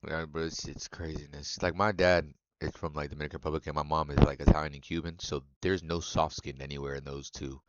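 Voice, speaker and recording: A man's voice: very deep voice, little pitch movement, moderate pace, no room sound, lo-fi sound. A man streaming a game and chatting casually with viewers, loose and profane, laughing often. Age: adult. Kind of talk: casual live-stream chat.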